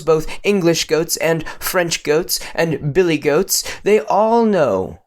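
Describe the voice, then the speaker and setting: A man improvising a silly story with playful, mock-solemn narration and sudden pitch jumps.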